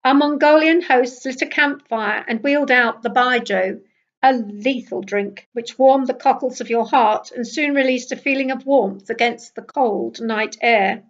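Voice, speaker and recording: An older woman from Britain reading her travel memoir aloud in a lively, wry storytelling manner. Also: fairly high pitch, a little slow, dull audio.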